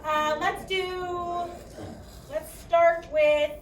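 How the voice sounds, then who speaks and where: A woman's voice: very high voice, level tone, very slow, slight background noise. A woman with a Chicago accent teaching a math class, projecting her voice and often checking in with "okay?". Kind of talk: classroom lecture. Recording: echoey classroom, distant mic.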